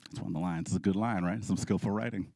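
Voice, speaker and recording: A man hosting a comedy showcase, telling stand-up stories with quick audience asides. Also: sits low. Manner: animated storytelling with audience asides. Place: comedy club stage.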